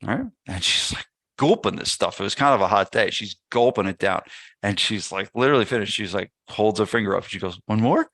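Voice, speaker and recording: A gym business owner guesting on a podcast tells a casual story, animatedly acting out what people said. His voice is on the low side and fairly quick, recorded cleanly in a studio with no room sound.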